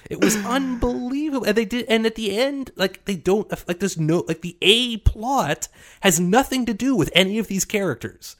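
A man co-hosting a casual film review chat, retelling scenes with sarcastic, animated asides. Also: sits high, normal speed.

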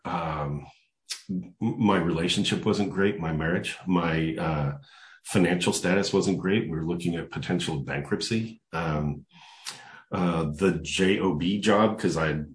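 An older man with a deep, low-pitched voice tells a personal story to an interviewer. He is animated and keeps acting out the voices of the people in his story. The recording has a noticeable room echo. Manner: animated storyteller who acts out quoted voices. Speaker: guest. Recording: echoey room.

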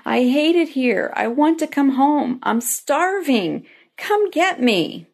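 A woman voicing her young adult daughter in a high, emotional, pleading voice. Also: sing-song, slow, exaggerated voice. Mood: tearful. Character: distraught then bubbly college-age daughter.

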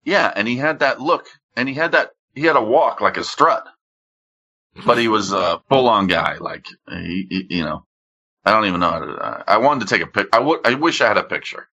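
A man's voice: fairly low pitch, lively intonation, fairly quick, bright, forceful tone. Man, casual chat, crude rambling talk, dull lo-fi sound.

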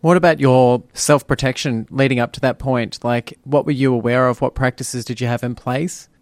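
A man's voice: medium pitch, steady tone, moderate pace, no echo. Direct male interviewer, dry sound. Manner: direct, probing questions. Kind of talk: interview questions.

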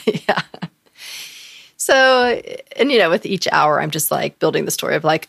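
A woman podcast co-host, telling a candid personal story, animated and full of fillers, acting out the voices of people she quotes. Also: low-pitched, normal speed, creaky, pauses often, husky, dry recording.

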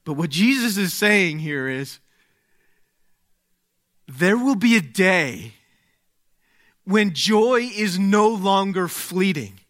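A man preaching a sermon, speaking slowly and deliberately, dropping to a hush and then rising to exclaim. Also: sits high, very animated. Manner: slow, deliberate, swings from hushed to exclaiming.

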